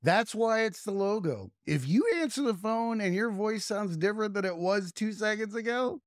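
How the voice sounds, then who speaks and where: A man's voice: high voice, animated, moderate pace, no room sound, clean studio sound. A young man hosting a podcast in casual chat, loose and jokey, often slipping into silly voices. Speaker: podcast host.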